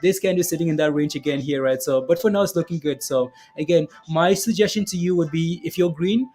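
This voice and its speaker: A man's voice: on the high side, brisk, darkish tone. A man giving casual live-stream commentary on stock charts, chatty and repetitive, often asking "right, guys?" and reading viewer comments aloud.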